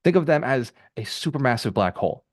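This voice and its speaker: A man hosting a group call as a real estate mentor, giving an energetic motivational talk with rapid, repeated phrases. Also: medium pitch, no echo, studio quality.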